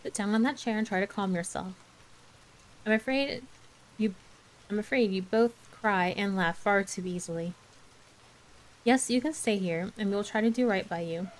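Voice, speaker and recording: A woman puts on a strict older spinster in a soft ASMR bedtime storybook reading. The voice is curt and disapproving, clipped and a shade lower. Pitch sits in the middle of a woman's range. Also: normal speed, pauses often, close to an everyday voice, low-quality recording. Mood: stern.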